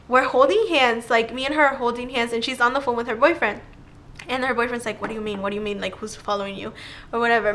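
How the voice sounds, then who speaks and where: A young woman vlogger telling a personal story in a casual, animated way, full of "like" and acted-out quotes. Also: on the high side. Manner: animated retelling with filler "like", acting out quotes.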